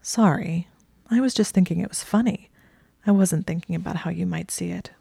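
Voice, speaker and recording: A woman's voice: on the low side, normal speed, creaky, mellow, breathy edge, no echo, heavily acted. A woman voicing a teasing, possessive young male wizard librarian in a story reading. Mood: earnest. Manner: teasing, smug.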